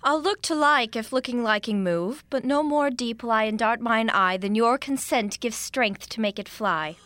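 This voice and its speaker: A woman's voice: a little high, moderate pace, a bit bright, no echo, close to an everyday voice. A woman playing a demure young daughter. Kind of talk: Shakespearean stage acting.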